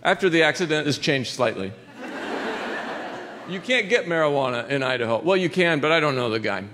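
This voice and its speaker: A man's voice: fairly high pitch, expressive, a little fast, noisy background. A man doing stand-up, telling a story with a wry, understated delivery. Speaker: stand-up comedian.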